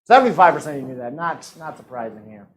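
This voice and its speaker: A man hosting a live-streamed trivia game, reading out questions and answer choices with quick jokes and frequent laughs. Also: on the high side, very animated, low-quality recording. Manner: jokey, laughs often, reads out multiple-choice options. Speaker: trivia host.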